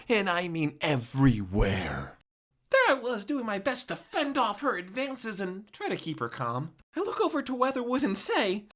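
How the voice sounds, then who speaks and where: A young man, narrating a comic storytime in an animated, exaggerated way with jokey asides. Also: high-pitched, moderate pace.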